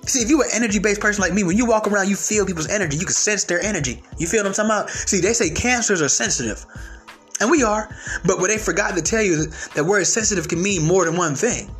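High-voiced, stuttering man ranting brashly. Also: fast talker, faint music behind. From United States. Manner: brash, profane, animated. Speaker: vlogger. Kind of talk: comic opinion rant.

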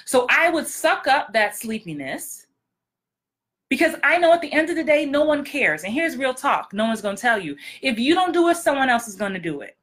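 A woman's voice: high voice, big pitch swings, moderate pace, fairly bright tone. A woman acting coach hosting a podcast, talking in a direct, blunt, emphatic way with repeated punchlines. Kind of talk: casual podcast monologue.

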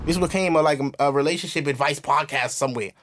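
A man's voice: quick pace, a bit bright. Man, young adult, podcast host, blunt, preachy, casual chat, mocking quoted voices. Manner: blunt, preachy, jumps into high mocking voices when quoting people.

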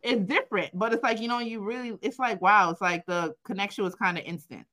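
A young adult woman co-hosting a podcast, telling a personal story in casual chat, profane and animated, quoting herself and laughing often. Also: mid-range voice, a little fast. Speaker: podcast co-host.

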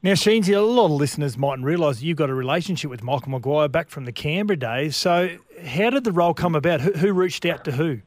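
A man's voice: a little high, animated, quick pace, hardly any pauses, dry recording. An Australian man co-hosting a sports radio show in casual, teasing chat.

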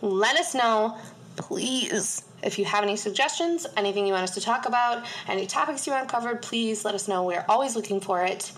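A woman's voice: on the high side, animated, a little fast, a bit bright. A woman co-hosting a podcast in casual chat, giggly, swearing freely and saying "like" a lot. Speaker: podcast co-host.

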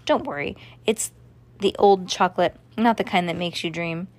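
A woman doing a gentle French-speaking girl prisoner. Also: lowish voice, moderate pace, natural voice. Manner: soft, kind, slightly formal.

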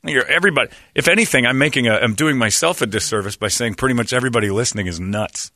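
A man's voice: medium pitch, fast talker, pushed and bright, no echo, clean studio sound. A man hosting a radio show, joking in casual banter with wry asides.

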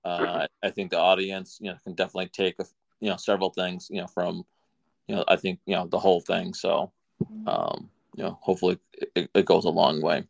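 Low gravelly guy hosting a podcast, dry and wry, lots of you knows. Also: flat delivery, a little fast. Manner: dry, wry, filler-heavy segment intro. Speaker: podcast host. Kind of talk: casual podcast chat.

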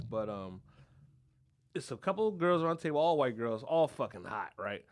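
This podcast host from Philadelphia has a mid-range voice and talks fairly quickly. His story is profane and casual, delivered with energy as he plays each character in it.

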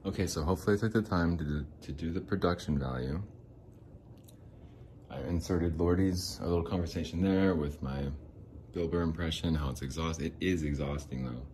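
A man's voice: a bass voice, fairly quick, a little mellow, a little hiss or hum, rough recording. A young man hosting a solo podcast, rambling in a jokey, self-deprecating way. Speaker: podcast host.

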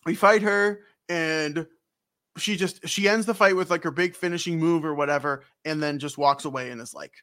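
A man's voice: on the high side, moderate pace, a bit bright. A man co-hosting a podcast, rambling through a game recap with lots of ums and acted-out scenes. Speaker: podcast co-host. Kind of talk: casual game recap chat.

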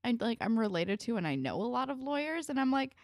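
A woman's voice: fairly high pitch, fast. A woman in her twenties co-hosting a podcast, talking casually and bluntly with plenty of swearing and "like". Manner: animated, blunt, swearing, lots of "like". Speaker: podcast co-host recapping a TV episode. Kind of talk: casual chat.

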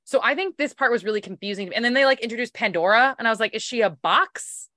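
A woman hosting a podcast in casual book-club chat, animated and laughing often, swearing freely. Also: on the high side, rapid-fire, dry recording, clean studio sound. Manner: animated, laughing, swearing, puts on silly voices. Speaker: podcast host.

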